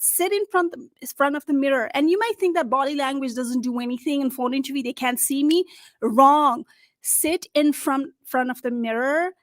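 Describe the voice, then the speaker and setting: A middle-aged woman coach talks to camera in a high, bright voice, with punchy emphasis and little acted-out phone calls. The sound is dry and close, with no room around her. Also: no room sound. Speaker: career coach. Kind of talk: direct-to-camera advice talk.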